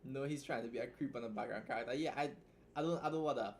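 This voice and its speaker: A young Trinidadian man hosts his own livestream, chatting bluntly and jokingly, swearing casually and tossing in quick asides as he reacts and reads a story aloud. He's a writer with an ordinary mid-range voice, and a faint room hum sits behind him.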